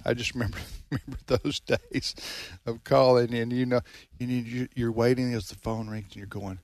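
A man's voice: mid-range voice, level tone, moderate pace, no echo. A man hosting a radio fundraiser, chatting in a rambling way, repeating words and laughing often. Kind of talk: casual studio chat.

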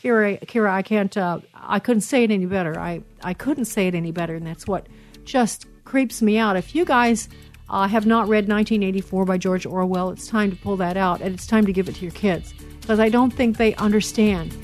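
A woman's voice: medium pitch, a little fast, a little mellow, soft background music. Earnest woman radio talk host. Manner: earnest, emotional, with many fillers and restarts. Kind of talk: reading listener messages on talk radio.

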